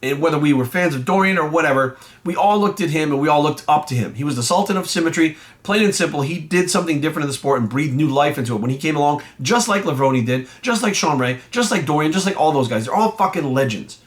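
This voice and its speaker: A man's voice: on the high side, animated, fast talker, hardly any pauses. A man, a bodybuilding coach and vlogger, ranting bluntly to camera with lots of swearing and rising anger. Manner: angry, blunt, heavy swearing. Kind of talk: heated profane rant to camera.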